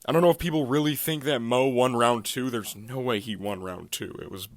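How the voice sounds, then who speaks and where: A man giving a casual, profane, excitable recap of mixed martial arts fights, often breaking into laughter. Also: medium pitch, fairly quick, no echo. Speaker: MMA fight recap YouTuber.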